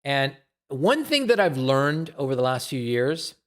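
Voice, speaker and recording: A man's voice: medium pitch, sing-song, a little slow. A middle-aged man streaming live, ranting bluntly and swearing in a casual monologue.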